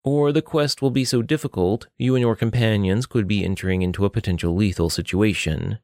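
A man voicing a composed older brother who delivers grave news in a slow drawl. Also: lowish voice, darkish tone, dry recording, clean studio sound, natural voice.

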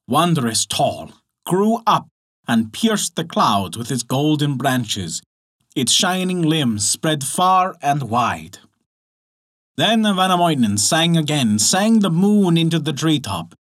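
A man narrating a folktale for a storytelling podcast, measured and dramatic. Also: on the high side. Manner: expressive, measured, dramatic pauses.

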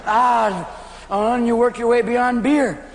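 A man performing stand-up comedy, rapid-fire and jumping into many silly voices, recorded at a live venue. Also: extremely high pitch, fairly even intonation. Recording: loud live audience, noisy hall reverb.

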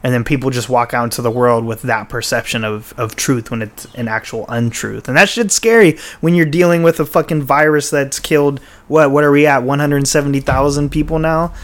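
A man talking loosely on a podcast, in a mid-pitched, everyday voice. He rambles and swears casually, backing up to restart sentences and filling gaps with "like" and "uh". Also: fairly quick, hardly any pauses. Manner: rambling, profane, with frequent restarts and fillers. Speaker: podcast host.

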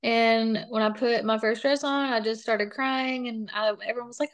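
A young woman chatting casually as an interview guest, telling stories in a lively way with lots of fillers. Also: on the high side, fast talker, hardly any pauses. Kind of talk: casual chat.

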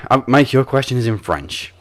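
A man hosting a casual quiz round, halting and laughing as he stumbles through foreign words. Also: mid-range voice, animated, a bit bright. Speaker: quiz host.

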